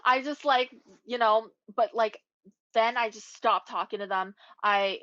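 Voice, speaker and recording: A woman's voice: a little high, measured pace, pushed and bright, no echo. Young woman telling a profane story. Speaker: podcast co-host. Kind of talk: casual chat. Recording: dull lo-fi recording.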